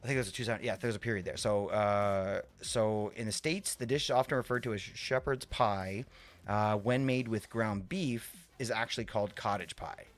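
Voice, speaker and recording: A man's voice: on the low side, moderate pace, soft background music. A man live-streaming a game in casual chat who rambles, repeats himself and swears offhand.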